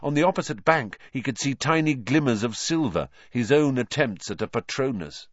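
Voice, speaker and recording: Animated male storybook narrator. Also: medium pitch, normal speed, no room sound, lo-fi sound. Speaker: audiobook narrator. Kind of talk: scripted narration of a fantasy novel.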